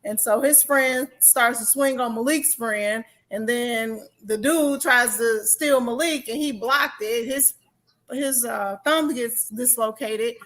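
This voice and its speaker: Middle-aged woman, casual podcast co-host, emphatic storyteller, high and bright. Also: slow.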